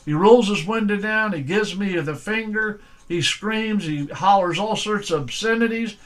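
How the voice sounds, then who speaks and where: A man's voice: sits high, normal speed, fairly bright tone. An older man, preaching a sermon by telling plain, folksy stories from his own life in a firm way. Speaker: pastor.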